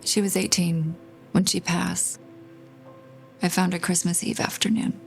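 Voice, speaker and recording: A woman giving emotional interview testimony as a grieving mother. She speaks slowly and haltingly, with many pauses and restarts, in a gravelly, fry-edged voice. Faint music plays softly underneath her. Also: fairly low pitch, little pitch movement.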